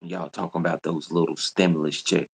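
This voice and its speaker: Man, very low gravelly voice, scolding livestream host, confrontational and repetitive. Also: little pitch movement, brisk. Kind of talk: ranting livestream monologue.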